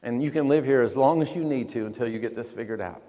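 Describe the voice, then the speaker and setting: A man voicing a gentle reassuring father-in-law. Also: mid-range voice, quick pace, pitched below the performer's own voice, natural voice. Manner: soft, reassuring. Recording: long hall reverb.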